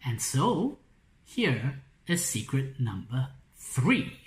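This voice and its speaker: A woman author explaining story structure in a live online workshop, in a slow, clear, explanatory way. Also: very deep voice, very animated. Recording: echoey room.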